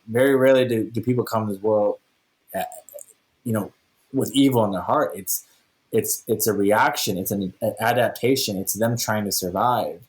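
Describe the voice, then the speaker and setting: A man with a fairly low voice, speaking as a podcast guest. He tells stories in a casual, animated way and slips into the dialogue as he goes. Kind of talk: casual storytelling.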